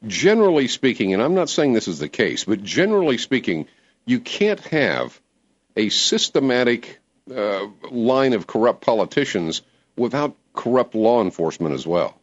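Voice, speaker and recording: A man hosting a talk radio show, giving emphatic, animated commentary. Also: medium pitch, normal speed. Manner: animated, emphatic, laughs easily. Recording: dull lo-fi radio broadcast.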